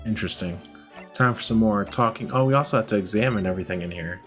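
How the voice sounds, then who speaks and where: A man's voice: on the low side, fast, a bit bright, soft background music. A man giving casual, chatty gameplay commentary with self-mocking asides. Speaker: let's play host.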